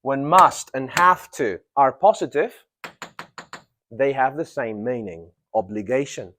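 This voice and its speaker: Man, classroom grammar lesson, unhurried, quizzes the class. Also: mid-range voice, fairly bright tone, slight background noise. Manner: asks the class questions, repeats key phrases slowly. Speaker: English teacher.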